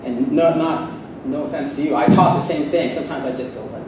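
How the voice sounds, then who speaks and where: A man's voice: on the high side, fairly even intonation, brisk, noisy background. A man giving a sarcastic, fired-up debate speech to a live audience at a seminary. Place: seminary hall. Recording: echoey hall, distant mic.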